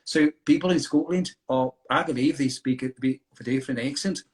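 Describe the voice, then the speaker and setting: A man's voice: mid-range voice, brisk. A man whose first language is Kurdish, an English teacher talking in a rambling, friendly way on a live video call. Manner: rambling, filler-heavy, friendly advice-giving. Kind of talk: live online chat.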